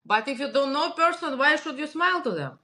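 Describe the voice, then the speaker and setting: A woman's voice: high-pitched, lively intonation, fast talker, sharp tone. A woman from Russia, a native Russian speaker with a Russian accent, chatting as a podcast guest, laughing often and restarting her sentences. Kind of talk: casual interview chat.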